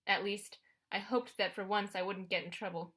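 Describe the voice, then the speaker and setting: A woman's voice: medium pitch, fairly even intonation, normal speed, a bit bright. A woman narrating an audiobook in the first person, in a wry, conversational storytelling manner.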